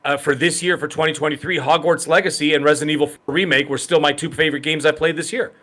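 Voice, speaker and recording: A man co-hosting a live-stream podcast, animated and joking, ribbing the audience in playful banter. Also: fairly high pitch, fast talker. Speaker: podcast co-host.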